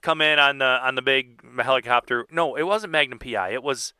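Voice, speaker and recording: Bright-voiced man bantering on a podcast. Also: mid-range voice, clean tone, no room sound, studio quality. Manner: joking banter, quick asides. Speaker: podcast co-host. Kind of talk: casual chat.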